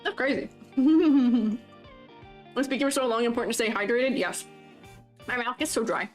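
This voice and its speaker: A woman's voice: fairly high pitch, normal speed. A woman streaming as she draws. She chats casually, laughs often and reads viewer comments aloud. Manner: playful and teasing with chat. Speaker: streamer reviewing avatar designs. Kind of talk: casual live-stream chat while drawing. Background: faint background music.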